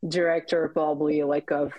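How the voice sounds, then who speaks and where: A woman's voice: deep voice, level tone, moderate pace, no echo, lo-fi sound. A woman in her thirties with a French Canadian accent, a podcast guest talking with many fillers and restarts. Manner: hesitant, many fillers and restarts, laughs often. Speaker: guest, Olympic speed skater. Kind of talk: casual interview chat.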